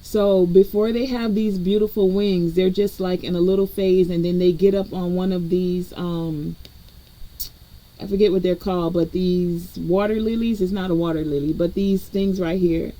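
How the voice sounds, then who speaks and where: A woman's voice: lowish voice, steady tone, moderate pace, warm tone, poor audio. A woman energy reader giving a collective spiritual reading in a conversational way, talking straight to her viewers. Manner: conversational, addresses viewers directly.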